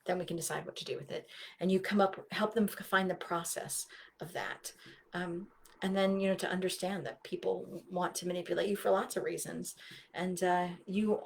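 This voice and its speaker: A woman's voice: lowish voice, fairly even intonation, moderate pace, gravelly, a little hiss or hum. Earnest woman giving parenting advice. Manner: earnest, acts out conversations with kids. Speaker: speaker for parents. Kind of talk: live-streamed parenting talk.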